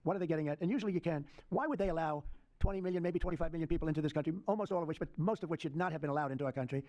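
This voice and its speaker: A man's voice: on the high side, racing, warm tone. An older man answering reporters' questions in rambling, repetitive, dismissive remarks at a press conference.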